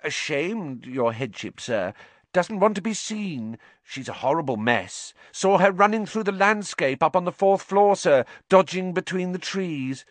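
A man's voice: sits high, expressive, a little slow, dry recording, voice pushed up. A man voicing a mischievous male poltergeist who cackles and talks in an oily, gleeful, taunting way in a storybook reading.

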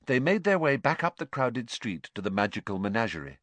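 A man giving expressive scripted narration of a storybook audiobook. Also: medium pitch, brisk, few pauses, no echo.

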